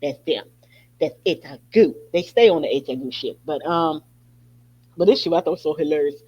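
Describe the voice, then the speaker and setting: On a dull, lo-fi recording, a female podcast host offers casual, profane commentary punctuated by frequent laughter. Her voice is deep and husky, at a moderate pace.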